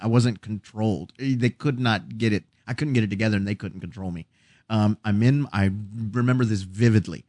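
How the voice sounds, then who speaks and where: A man's voice: fairly low pitch, darkish tone, dry recording, clean studio sound. A middle-aged man in casual chat, telling stories in an emotional, self-deprecating way.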